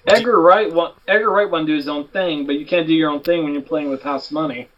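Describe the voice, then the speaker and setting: A man's voice: fairly high pitch, quick pace. A man co-hosting a podcast, telling stories in a blunt, profane way. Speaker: podcast co-host. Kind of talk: casual chat, telling a story. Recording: distant, dull mic with faint noise.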